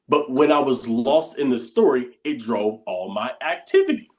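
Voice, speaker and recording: A man's voice: mid-range voice, big pitch swings, moderate pace. A man teaching a spoken lesson in an informal, conversational way, often repeating phrases and acting out inner voices under his breath. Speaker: coach teaching a bootcamp session.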